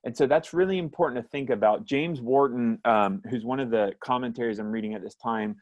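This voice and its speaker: A man's voice: medium pitch, a little fast, lo-fi sound. A man teaching a church Bible study class over a video call, reading scripture aloud and explaining it reflectively.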